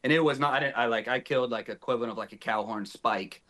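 A man's voice: medium pitch, fast talker. Man telling a hunting story. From north Texas. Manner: animated, acts out quoted dialogue. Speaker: podcast guest, hunter. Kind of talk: casual storytelling.

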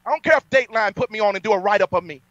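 Defiant high-voiced man preaching. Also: racing, no echo. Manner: boastful, defiant, rising to shouting peaks. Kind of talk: fiery sermon. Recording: dull lo-fi sound, dry.

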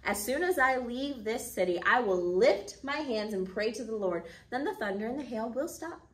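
A woman voicing a steady, earnest male prophet who leads his people, speaking near her own voice. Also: fairly high pitch, moderate pace, distant mic, lightly acted. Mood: firm. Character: calm, firm male prophet leader.

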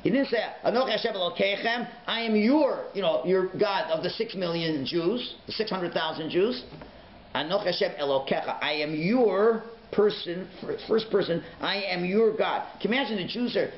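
An animated man gives a rabbi's class, his pitch climbing and plunging as he acts out little scenes. The sound is muffled and lo-fi, and it rings off the walls of an echoey room. A faint hiss sits underneath. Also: normal speed. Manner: animated, acts out voices, sudden shouts and hushed whispers. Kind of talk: Torah class. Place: synagogue learning centre classroom.

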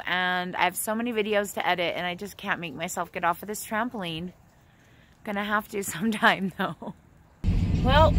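A woman's voice: mid-range voice, noisy background. A middle-aged woman chatting casually to camera for her vlog, anxious and exclaiming often. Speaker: vlogger.

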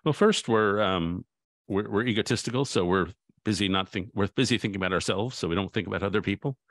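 Man, very deep voice, gravelly, dry close recording, thoughtful storytelling, restarts sentences. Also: quick pace, no echo. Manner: thoughtful, anecdotal, with frequent restarts. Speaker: guest author. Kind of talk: reflective conversation.

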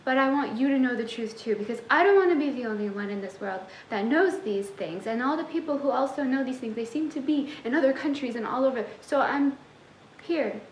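A woman's voice: sits high, lively intonation, fairly quick, echoey room, a little hiss or hum, low-quality recording. A young woman who coaches manifestation, giving a sassy, tough-love motivational talk straight to her viewers.

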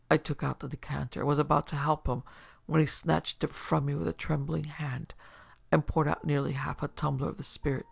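A podcast host narrating a classic horror story in a measured, steady storytelling manner. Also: mid-range voice, creaky, husky. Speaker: narrator and producer. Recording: lo-fi recording with faint music.

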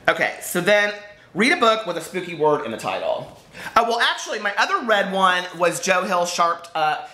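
Lively, chatty man in echoey room. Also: a little high. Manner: chatty, playful, gushing. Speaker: book vlogger. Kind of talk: casual chat to camera.

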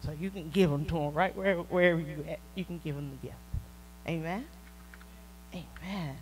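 Southern woman preaching with easy warmth. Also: low-pitched, normal speed, slight background noise, low-quality recording. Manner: conversational, laughing, rising to excited peaks. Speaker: prophetess preaching. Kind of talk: sermon.

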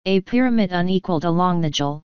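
A woman voicing a stern, scheming old male high priest who speaks smoothly and commandingly. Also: expressive, fast, no room sound, lo-fi sound, lightly acted. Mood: insistent.

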